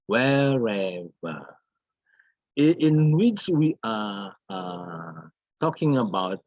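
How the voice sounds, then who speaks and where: A man teaching an English grammar lesson, slowly repeating words and examples with many fillers. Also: fairly low pitch, no room sound. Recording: dull, lo-fi.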